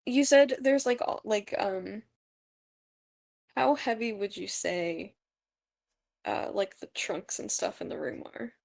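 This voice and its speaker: A woman's voice: mid-range voice, slow, gravelly, long pauses, darkish tone. A woman playing her character in an online tabletop game, talking hesitantly and asking rules questions. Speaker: player. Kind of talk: tabletop game play, casual chat.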